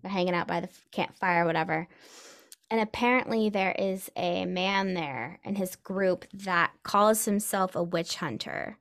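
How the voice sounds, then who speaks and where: A woman's voice: fairly low pitch, unhurried. A woman casually telling a ghost story to friends, acting out the quoted voices as she goes. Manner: animated, acts out quoted voices. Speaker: podcast co-host telling a story.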